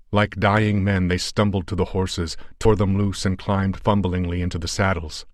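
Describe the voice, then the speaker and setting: A man narrating a pulp adventure story in a measured, dramatic audiobook reading on a close mic. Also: low-pitched, level tone, no room sound.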